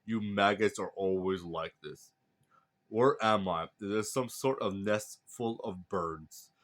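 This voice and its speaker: A man voicing a menacing, scheming old god of madness, with a low, sneering, slow delivery.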